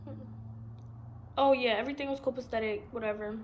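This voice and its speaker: A woman's voice: a little high, steady tone, fairly quick, a little hiss or hum. A woman, telling a long personal story in a blunt, rambling, profane storytime vlog. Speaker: vlogger.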